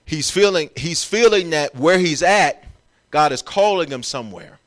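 A man's voice: fairly high pitch, expressive, moderate pace. A man preaching a sermon as pastor, emphatic and urging his congregation along as he explains scripture. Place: church.

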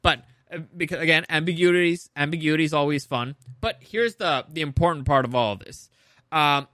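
High-voiced, rambling young man recapping. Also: a little fast, no room sound, studio quality. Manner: rambling, animated, profane, laughs often. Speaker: show recap host. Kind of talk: casual episode recap.

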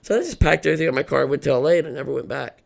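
A man's voice: a little high, racing. A middle-aged man, a podcast guest, telling an earnest personal story and acting out what people said. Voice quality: gravelly.

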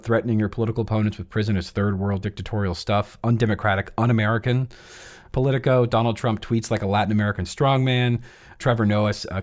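A man co-hosting a political podcast, reading out quotes in a brisk, sardonic way. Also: lowish voice, darkish tone. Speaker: podcast co-host. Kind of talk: political commentary chat.

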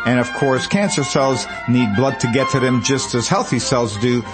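A man's voice: medium pitch, moderate pace, music in the background. A man hosting a promotional radio talk show, telling customer stories conversationally with frequent fillers. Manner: conversational storytelling with many fillers.

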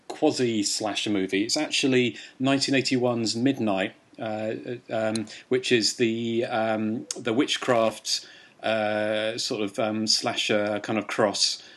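A man's voice: fairly low pitch, flat delivery, slow, a bit bright. A man hosting a casual podcast chat, talking in a chatty way with many hesitations. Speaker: podcast host.

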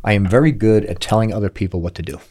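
A man's voice: lowish voice, very fast, a little mellow. A middle-aged man co-hosting a podcast, chatting casually and acting out the people in his stories. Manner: storytelling, acts out quoted voices. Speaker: podcast co-host. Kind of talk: casual chat.

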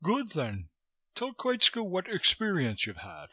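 A man voicing a wheezing, languid fat man who speaks curt, broken English in a raised, lively voice. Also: high voice, unhurried, breathy edge, dry recording, pitched above the performer's own voice, full character voice.

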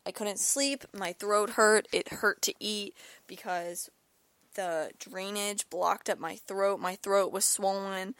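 A woman's voice: medium pitch, a bit bright, dry recording. A young woman hosting her own podcast, telling a personal story in a rambling, casual way with lots of repeated words and "like," while ill with an ear and throat infection. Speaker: podcast host.

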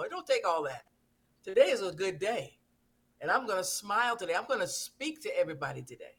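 A man's voice: sits high, big pitch swings, brisk, fairly bright tone, breathy edge. A man hosting a talk show who talks fervently about faith and repeats phrases for emphasis. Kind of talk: preachy talk show chat.

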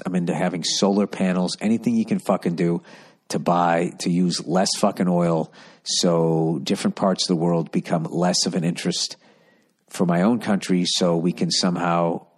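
Man, deep voice, podcast host, swearing, rambling, exasperated rant. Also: darkish tone, slightly rough. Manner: storytelling with voiced asides.

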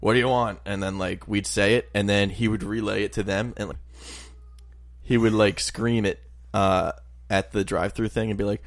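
A young man co-hosting a podcast in casual chat, an animated storyteller who swears often and shouts his impressions. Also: lowish voice, normal speed. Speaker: podcast co-host.

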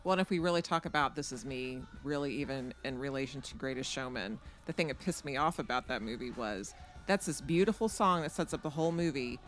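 A woman co-hosting a casual chat, expressive and conversational. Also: a bass voice, fairly quick, a little hiss or hum.

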